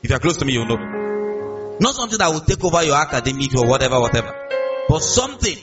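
Male pastor with a Nigerian accent, lively call-and-response preaching, distant dull sound, instrument playing underneath. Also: a little high, fast talker, music in the background. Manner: animated, call-and-response, acts out quotes. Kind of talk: sermon.

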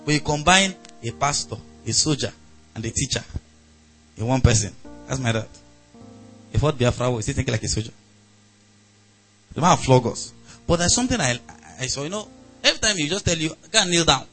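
Nigerian male pastor, slightly high voice, animated sermon delivery, soft music underneath. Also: quick pace, long pauses. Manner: animated preaching, acts out angry voices, laughs.

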